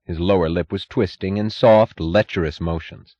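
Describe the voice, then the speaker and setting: A man narrating a novel in a measured, expressive reading. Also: low-pitched, highs cut off. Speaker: audiobook narrator.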